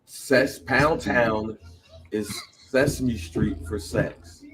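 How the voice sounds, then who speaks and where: A man, co-hosting a casual podcast, talking excitedly with frequent laughs and high, animated bursts. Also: drawn-out words, background noise. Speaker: podcast co-host.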